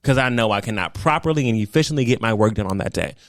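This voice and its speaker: Guy on a podcast, super animated pitch, blunt and dramatic, dry close sound. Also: fast talker, dry recording. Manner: animated, theatrical storytelling with acted-out reactions; blunt, swears freely. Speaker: podcast co-host. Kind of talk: casual chat.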